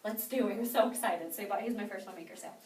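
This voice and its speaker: A woman's voice: mid-range voice, very fast, a little mellow. A young woman leading a sales training class, upbeat and constantly quizzing her trainees with "okay?". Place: training room with a group. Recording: echoey room, mic far off.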